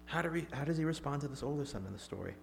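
A man preaching a sermon, swinging from emphatic, raised lines to hushed, near-whispered ones. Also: fairly high pitch, lively intonation, very fast, gravelly, slight background noise.

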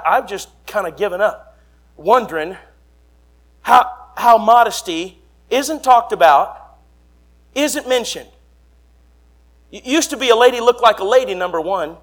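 Young preacher guy, high voice, hollers then drops low, fiery revival style. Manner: fiery, shouting, sweeping swings in pitch and volume. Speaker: traveling preacher.

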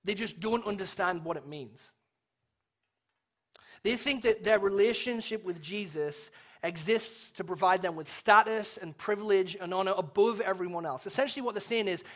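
A young adult man with an English accent, preaching a sermon in a relaxed, conversational, storytelling way with self-deprecating humor. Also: sits high, moderate pace. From England. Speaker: pastor.

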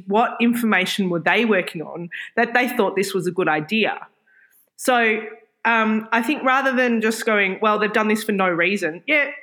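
Woman in her forties, podcast co-host, casual chat, animated, frank, mild swearing. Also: mid-range voice.

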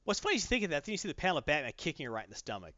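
A man in casual chat, animatedly retelling a comic plot and slipping into quick character voices. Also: a little high, sing-song, bright, forceful tone, dry recording, lo-fi sound.

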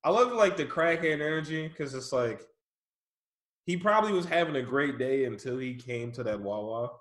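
A man in casual chat, telling an animated, profane story and laughing often. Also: medium pitch, normal speed, roomy sound. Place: his office.

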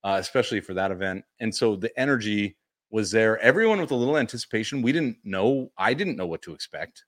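A man co-hosting a casual podcast chat, telling stories animatedly and acting out quotes. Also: quick pace. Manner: animated storyteller, acts out quotes in high voices. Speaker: podcast co-host.

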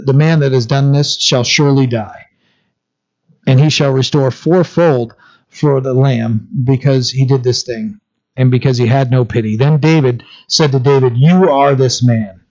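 A man preaching a sermon, moving between reading scripture and telling the story in plain, conversational words. He stops for fillers and restarts often. His medium-pitched voice comes through a slightly dull, lo-fi recording. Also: darkish tone. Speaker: pastor.

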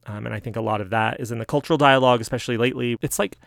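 A man hosting solo, reading aloud and thinking out loud in a chatty, self-deprecating, rambling way. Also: medium pitch, rapid-fire, vocal fry, no echo, studio quality. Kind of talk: casual rambling commentary.

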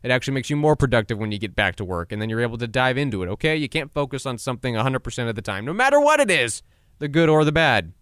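A man's voice: medium pitch, sing-song, rapid-fire, fairly bright tone, clear, resonant tone, no room sound, studio quality. A man in his twenties hosting a solo podcast, talking casually and acting out quoted voices, often laughing at himself. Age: 20s. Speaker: podcast host.

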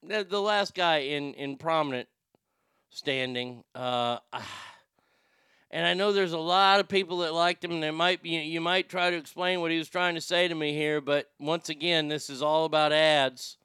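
A man's voice: fairly high pitch, measured pace, bright, forceful tone, clean tone, no echo, studio quality. A man giving loose, rambling commentary on a clip, with sighs and the odd curse. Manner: rambling, sighing, swearing. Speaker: streamer reacting to clips. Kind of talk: casual commentary.

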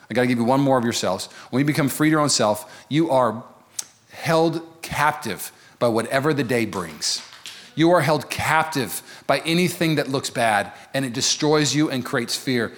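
A man preaching a sermon as pastor, animated and joking, acting out quoted voices. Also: mid-range voice, normal speed. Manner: animated, jokey, acts out voices of others.

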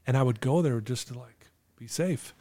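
A middle-aged man telling his own life story as a guest, earnest and candid, at times emotional and clearing his throat. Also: mid-range voice, moderate pace, mellow. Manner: earnest, candid, storytelling with quoted inner thoughts. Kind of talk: emotional personal testimony.

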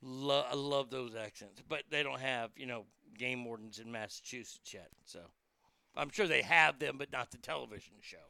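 A man with a very bright, gravelly voice talks in a loose, chatty monologue, swearing freely as he rambles from one thought to the next. His tone runs fairly high, smooth and crisp, and it sits close and dry on the mic. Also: moderate pace, no room sound. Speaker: host.

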